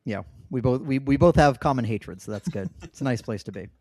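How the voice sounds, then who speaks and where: A man's voice: medium pitch, animated, a little fast, a little mellow. A man hosting a casual podcast trivia game, joking and laughing easily as he reads out the questions. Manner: laughs often, loose and joking. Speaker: trivia quiz host.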